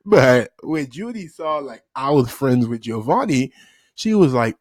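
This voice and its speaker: A man telling a childhood story to his audience in a loose, animated way, laughing often and jumping into the voices of the people in it. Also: mid-range voice, unhurried, dry recording, clean studio sound. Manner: loose and profane, addressing the audience directly. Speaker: storytime vlogger. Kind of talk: casual storytelling.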